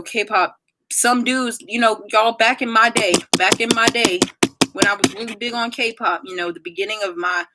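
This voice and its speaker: Bright, chatty young woman streamer. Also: medium pitch. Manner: chatty, reads viewer comments aloud. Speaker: livestreamer. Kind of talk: casual livestream chat.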